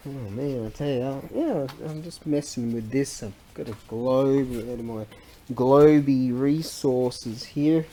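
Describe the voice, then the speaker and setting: A man's voice: mid-range voice, takes it slowly, mellow, a little hiss or hum. A middle-aged man, chatting casually and rambling in a vlog, often losing his thread and laughing. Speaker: vlogger and antiques seller.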